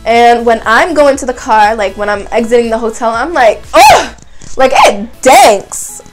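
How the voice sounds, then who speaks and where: A young woman from Canada telling a casual storytime vlog, animated, with lots of "like" and voiced quotes of other people. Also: on the high side, normal speed, over loud music, poor audio. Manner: animated retelling, heavy use of "like", voices other people's lines. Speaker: vlogger.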